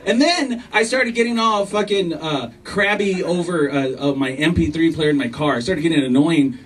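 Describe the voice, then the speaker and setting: A man's voice: on the high side, moderate pace, fairly bright tone. Male comedian, profane, self-mocking, acts out both sides of arguments; distant club recording with room noise. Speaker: stand-up comedian. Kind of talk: stand-up comedy set. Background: audience laughter.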